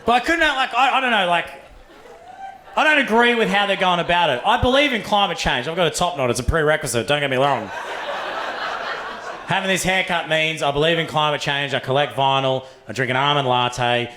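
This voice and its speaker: Bright, profane Australian stand-up comic. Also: male voice, fairly high pitch, fairly quick, a little hiss or hum. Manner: profane, animated storytelling with acted-out voices. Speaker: stand-up comedian. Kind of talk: stand-up comedy set. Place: comedy club stage. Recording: echoey club room, faint ambience.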